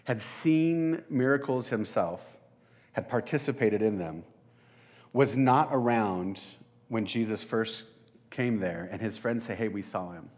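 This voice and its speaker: A man's voice: mid-range voice, expressive, takes it slowly, a little mellow. A man preaching a casual sermon, talking conversationally and with some self-deprecation, and addressing the congregation directly.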